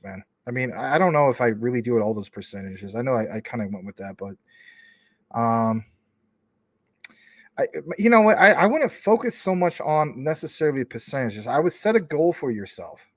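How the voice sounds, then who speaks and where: A man's voice: medium pitch, animated, brisk, dry recording. A man hosting a casual livestream, reading viewer comments in a rambling, informal way with many fillers. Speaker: crypto livestream host.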